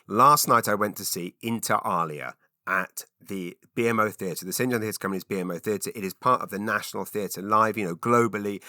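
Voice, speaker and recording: A man's voice: fairly low pitch, pushed and bright, dry recording, studio quality. A man hosting his own podcast, talking alone in an enthusiastic, rambling way with lots of fillers and restarts. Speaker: podcast host. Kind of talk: casual solo podcast monologue.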